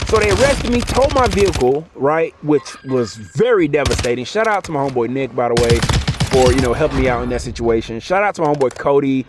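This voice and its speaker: A man's voice: medium pitch, animated, a little fast. A man telling a personal story in a casual, chatty monologue, often checking in with the listener. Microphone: phone mic. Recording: clearly noisy background.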